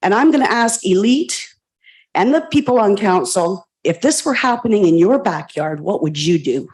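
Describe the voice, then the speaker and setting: A woman's voice: medium pitch, expressive, moderate pace, a little mellow. A woman resident giving an emotional, passionate comment at a public planning meeting, repeating pointed questions into a standing microphone.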